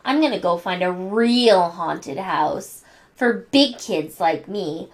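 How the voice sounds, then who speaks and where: A woman's voice: lowish voice, animated, takes it slowly. A woman doing a bossy, whiny little girl bully.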